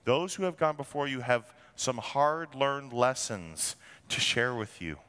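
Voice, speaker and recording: A man's voice: medium pitch, sing-song, unhurried, a bit bright, clear, resonant tone, in a large hall. A man preaching a sermon as a pastor, blunt and wry, with rhetorical asides to the congregation.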